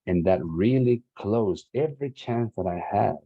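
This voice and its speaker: A man's voice: fairly low pitch, lively intonation, a little slow, no echo. A man giving an earnest motivational talk, repeating phrases and guiding listeners through exercises, heard through dull lo-fi online session audio. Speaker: guest speaker on healing and masculinity.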